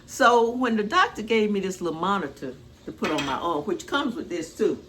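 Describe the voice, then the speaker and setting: An older cooking vlogger speaks expressively at normal speed in a mid-range voice, with background noise present. She chats casually in her kitchen, homespun and full of rambling asides.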